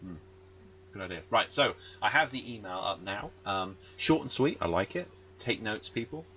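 Low-voiced podcast host. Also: male voice, lively intonation, moderate pace, pushed and bright, slight background noise, low-quality recording. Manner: rambling, full of ums and jokey asides. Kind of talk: casual chat.

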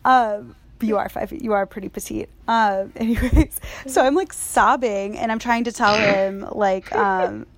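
A young woman in casual conversation, telling a story in a quick, animated way. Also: mid-range voice, no echo. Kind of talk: casual chat.

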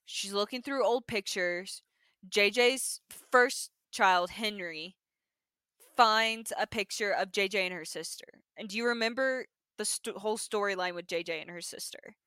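A young woman co-hosts a podcast, animatedly recapping a TV episode in casual chat and sprinkling "like" heavily throughout her storytelling. Her mid-range voice is smooth and measured in pace, with no room sound.

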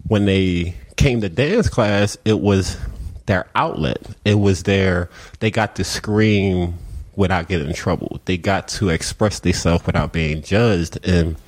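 A man's voice: low voice, a little slow. A man with a Philadelphia accent, founder of a community organization, telling stories in a casual interview and acting out the voices of people he quotes. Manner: animated storyteller, acts out quoted dialogue. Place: outdoors on a city street.

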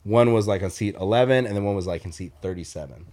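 A man with a fairly low voice talks through a long anecdote in relaxed podcast banter. He swears freely and leans on "like" at every turn, doubling back to restart his sentences. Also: quick pace. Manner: loose and profane, heavy "like" fillers; rambling, animated retelling with restarts. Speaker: podcast co-host. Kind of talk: casual storytelling chat.

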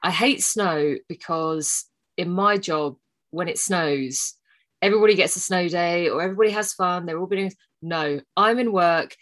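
A woman co-hosting a casual podcast, telling stories with frank, animated energy. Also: fairly low pitch, normal speed. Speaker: podcast co-host. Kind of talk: casual chat.

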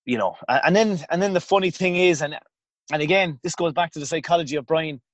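A man's voice: on the high side, fast talker, no room sound. A man with an Irish accent, a former goalkeeper, telling long anecdotes in a casual interview with many restarts. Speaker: former hurling goalkeeper guest.

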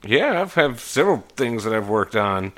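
A man's voice: medium pitch, big pitch swings, normal speed, a bit bright. A man playing a tabletop role-playing game, speaking in character in a casual, folksy way with frequent restarts. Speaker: player.

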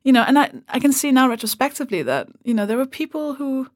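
A woman talking as a guest on a podcast, animated and swearing freely as she acts out remarks people made. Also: sits high, quick pace, no room sound, studio quality. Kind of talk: casual podcast conversation.

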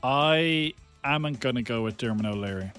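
A man's voice: mid-range voice, expressive, moderate pace, fairly bright tone, soft background music. A man with an Irish accent co-hosting a radio show, eager and playful in banter. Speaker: radio co-host.

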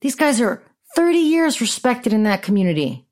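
A woman's voice: a little high, big pitch swings, moderate pace, a little mellow. A middle-aged woman hosting a podcast, telling a story in a blunt, sarcastic, profane rant. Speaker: podcast host.

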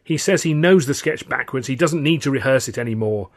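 A man's voice: medium pitch, lively intonation, brisk, close to an everyday voice. A man doing a chatty, put-upon woman performer. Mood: exasperated. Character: gossipy exasperated woman performer, wife.

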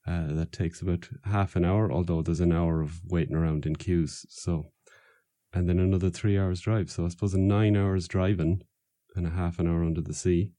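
A man from Ireland hosts a relaxed podcast chat. His voice sits fairly low, and he talks in an easygoing way, often breaking into laughter. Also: moderate pace, dry recording, clean studio sound. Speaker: podcast host.

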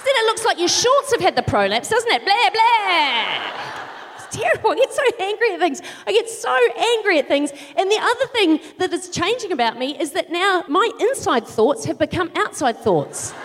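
A middle-aged New woman does stand-up on a theatre stage, her high voice swooping all over the place as she rants in exasperation and bursts into shouts. The sound carries a long hall reverb from the big room. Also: big pitch swings, moderate pace. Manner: exasperated ranting with sudden shouted outbursts. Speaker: co-host doing stand-up. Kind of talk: live stand-up comedy.

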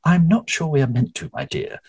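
A woman's voice: low-pitched, big pitch swings, a little fast, darkish tone, slightly rough, voice pushed up, full character voice. A man reading a storybook and voicing a patronizing older village witch woman with a sugary manner.

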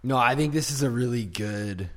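A man co-hosting a podcast in casual chat, with a gruff voice that sounds aggressive, blunt and swearing often. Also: mid-range voice, moderate pace, fairly bright tone. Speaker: podcast co-host.

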